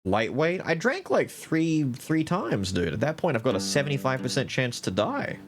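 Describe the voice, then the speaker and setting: A male streamer commentates a bluffing card game live, cursing and taunting his opponents. His pitch leaps around animatedly. Faint music plays behind him. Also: moderate pace. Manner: profane, trash-talking, swings to loud excited outbursts.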